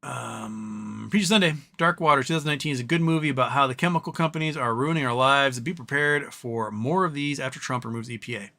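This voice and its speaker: A man's voice: medium pitch, quick pace, few pauses, sharp tone. A man hosting a livestream who reads chat comments aloud, rambling and profane in his opinions. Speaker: livestream host. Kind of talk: live-stream chat reading and ranting.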